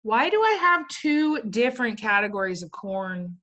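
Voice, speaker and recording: A woman's voice: a little high, sing-song, normal speed, fairly bright tone. Playful woman teacher quizzing her class. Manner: jokey asides. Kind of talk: classroom lecture.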